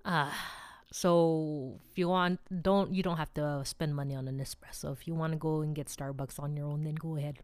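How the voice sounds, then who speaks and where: This weekly motivation vlog host has a deep voice and a moderate pace. Her casual talk to camera is chatty and animated, full of rambling, laughter and teasing as she addresses her viewers directly.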